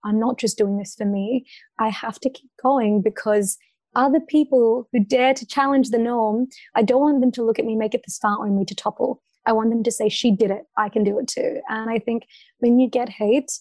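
A young Australian woman speaking as a podcast guest, earnest and passionate, quick to laugh. Her voice sits a little high. The sound is dry and close, with no room around it. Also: a little mellow, no echo. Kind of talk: casual interview chat.

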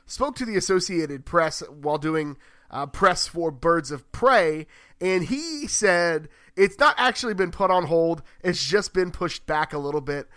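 A man co-hosting a podcast in casual chat, rambling and correcting himself as he thinks out loud. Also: fairly high pitch, expressive, unhurried, no room sound. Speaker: podcast co-host.

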